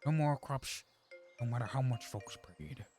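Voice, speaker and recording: A man's voice: medium pitch, unhurried, a little mellow, husky, soft background music, pitched below the performer's own voice. A man voicing a folksy old village man who rambles through a story, reading game dialogue aloud with a drawl.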